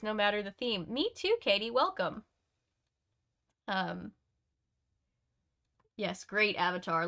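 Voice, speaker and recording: A woman reading a scary kids' book aloud to her viewers, mid-pitched and easygoing. she slips into loose chat full of fillers between passages. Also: a bit bright. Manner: chatty, uses many fillers. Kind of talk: read-aloud narration with casual chat.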